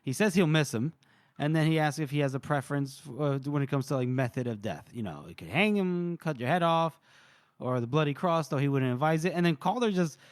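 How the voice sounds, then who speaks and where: A man's voice: on the high side, brisk, smooth, no echo, studio quality. A man co-hosting a podcast, recapping a book chapter in casual chat with lots of fillers. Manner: animated retelling, many fillers. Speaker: podcast co-host.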